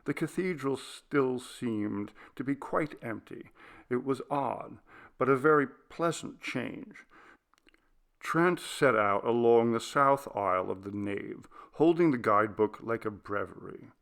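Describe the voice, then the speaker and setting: A man narrates a classic ghost story at an unhurried, measured pace. His middle-pitched voice carries a gravelly texture, and he reads with deliberate care. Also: animated, fairly bright tone. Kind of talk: scripted audiobook narration.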